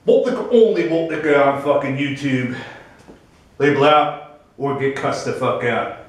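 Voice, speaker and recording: A man's voice: mid-range voice, steady tone, unhurried, heavy reverb, far from the mic, rough recording. A man ranting in a brash, profane, boastful vlog. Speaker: vlogger.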